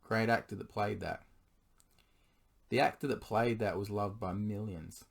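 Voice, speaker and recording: A man's voice, a little low and gone hoarse, carries a late-night confessional monologue. He talks in an earnest, pleading way, pausing often to clear his throat as his voice gives out. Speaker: vlogger addressing his partner.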